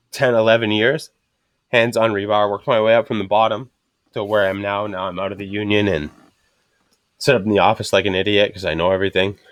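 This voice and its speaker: A man hosting a casual podcast chat, talking bluntly and with lots of swearing as he tells animated stories about his trade. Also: fairly low pitch, dry recording, studio quality. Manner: blunt and profane, animated storytelling. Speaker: podcast host and rebar worker.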